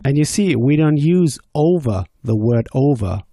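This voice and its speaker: A man teaching German grammar on a podcast, slowly explaining and asking quiz questions. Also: medium pitch, lively intonation, dark tone, no room sound, studio quality. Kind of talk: podcast language lesson.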